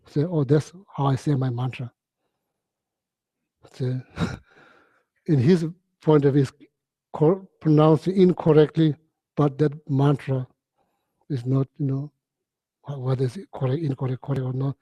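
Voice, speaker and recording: A man giving a Buddhist teaching, telling stories in halting, repetitive phrases with many "you know"s and frequent throat-clearing. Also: fairly high pitch, warm tone, no room sound, lo-fi sound. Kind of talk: storytelling dharma talk.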